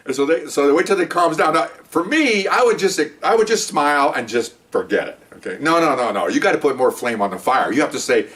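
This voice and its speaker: A man's voice: medium pitch, expressive, quick pace, a bit bright, distant mic. Older man telling a rambling cop story. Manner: rambling, laughs at own story, acts out voices. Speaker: retired police officer storyteller. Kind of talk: casual anecdote.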